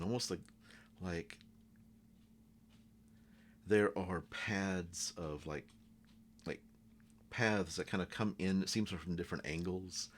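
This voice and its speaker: Slow, deep-voiced game master. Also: male voice, slight background noise. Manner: loose, halting narration with fillers. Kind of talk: narrating a tabletop game.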